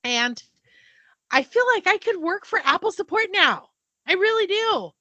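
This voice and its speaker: A woman's voice: extremely high pitch, big pitch swings, unhurried, pushed and bright, dry recording, lo-fi sound. A woman in her fifties co-hosting a podcast, chatting animatedly and swearing casually. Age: 50s. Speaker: podcast co-host. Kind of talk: casual chat.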